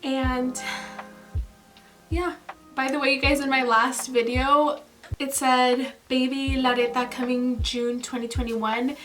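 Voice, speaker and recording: Young woman, vlogger, high voice, gushing, casual chat, a little distant from mic, music behind. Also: flat delivery, slow pace, a bit bright. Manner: chatty, gushing, many fillers and laughs. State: pregnant, tired. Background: background music.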